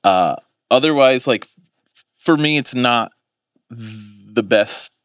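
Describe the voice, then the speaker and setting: A man's voice: mid-range voice, animated, slow, clean tone, dry recording, clean studio sound. A man, co-hosting a podcast in casual chat, rambling and swearing as he corrects himself. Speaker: podcast co-host.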